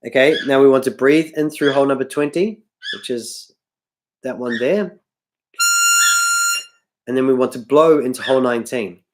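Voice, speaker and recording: A man's voice: medium pitch, normal speed, pauses often, noisy background. A man teaching harmonica on a livestream, tired and losing his voice, rambling and correcting himself often, with harmonica playing behind him. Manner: rambling, self-correcting, apologetic. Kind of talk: livestream music tutorial.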